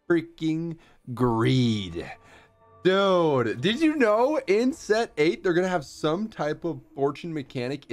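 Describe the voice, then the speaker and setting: An excitable young man chats through his own gameplay, cracking playful asides as he thinks out loud. His voice swings widely in pitch, and faint background music plays behind him. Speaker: streamer. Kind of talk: casual gameplay commentary.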